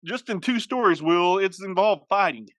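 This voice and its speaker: A man's voice: high voice, moderate pace, dry recording. A man co-hosting a podcast, chatting casually, joking and chuckling often. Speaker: podcast co-host. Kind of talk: casual chat.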